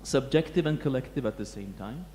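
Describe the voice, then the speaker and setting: Man lecturing, thoughtful and halting, warm low tone, recorded in a reverberant hall with light hum. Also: expressive. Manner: halting, many restarts and fillers, reflective. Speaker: museum curator giving a talk. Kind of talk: lecture talk to an audience. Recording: echoey hall with faint hum.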